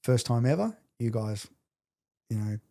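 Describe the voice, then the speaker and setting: A middle-aged podcast guest speaks with a gravelly, medium-pitched voice at a measured pace. His retelling of an emotional story is intense and animated, and he acts out the quotes.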